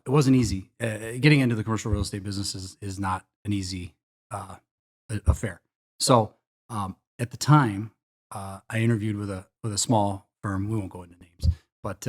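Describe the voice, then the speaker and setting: A middle-aged man, a commercial real estate broker, chatting casually in a podcast interview, rambling with many fillers and restarts. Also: on the low side. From Chicago area.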